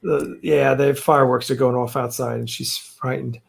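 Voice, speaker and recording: A man's voice: medium pitch, level tone, normal speed, creaky, husky. A man hosting a casual livestream chat from home, rambling with lots of fillers and restarts. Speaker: host. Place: home, fireworks outside.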